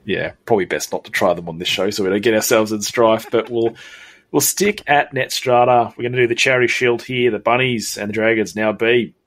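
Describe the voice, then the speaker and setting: A man's voice: on the low side, fairly even intonation, brisk, fairly bright tone. A man, co-hosting a sports podcast, steadily leading the segments and the news. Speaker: podcast co-host. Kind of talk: casual sports chat.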